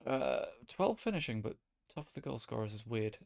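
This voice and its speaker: Gravelly man streaming a game. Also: medium pitch, moderate pace. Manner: chatty, rambling, with sudden excited outbursts. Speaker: gaming streamer. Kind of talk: casual gameplay commentary.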